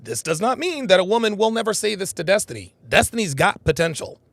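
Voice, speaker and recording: A man's voice: sits high, quick pace, gravelly, no echo. A man hosting a live reaction commentary, talking emphatically and repeating himself for stress. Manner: animated, repetitive emphatic phrasing. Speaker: host.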